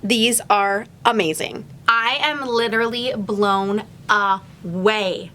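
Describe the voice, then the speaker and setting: A woman's voice: mid-range voice, takes it slowly, sharp tone, a little hiss or hum. A woman with a young daughter gushing through an unboxing vlog, gasping and repeating exclamations. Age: adult, a mother. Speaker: YouTuber unboxing a gift box.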